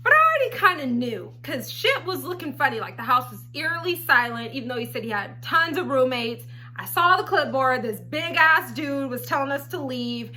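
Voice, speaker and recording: A woman telling a personal story on her vlog in a blunt, profane, animated way. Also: high-pitched, moderate pace. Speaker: storytelling vlogger. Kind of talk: casual storytime.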